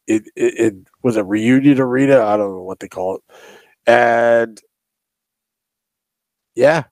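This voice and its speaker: A man's voice: medium pitch, measured pace, darkish tone, dry recording. A man hosting his own casual sports podcast, playful and giggling at the trolls. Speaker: podcast host. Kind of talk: casual chat, live podcast.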